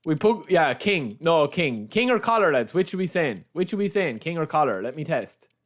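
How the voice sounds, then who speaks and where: A man's voice: fairly high pitch, very animated, normal speed. A man streaming a football game, chatting casually and teasing his viewers, repeating himself as he rambles. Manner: teasing banter with chat, calls everyone lads. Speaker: gaming livestreamer. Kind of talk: casual live-stream chat while playing.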